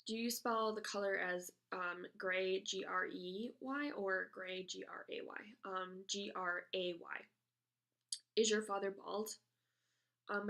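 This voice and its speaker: Young American woman, casual vlogger, gravelly fry, hesitant rambling delivery. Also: mid-range voice, fairly bright tone. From United States. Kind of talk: casual chat answering a question tag.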